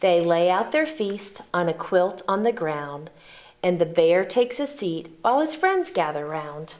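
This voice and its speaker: Lady reading a kids picture book out loud, slow and super lively, asks kids to say it with her. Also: lowish voice, a little hiss or hum. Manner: slow and expressive, inviting listeners to join in. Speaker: read-aloud volunteer.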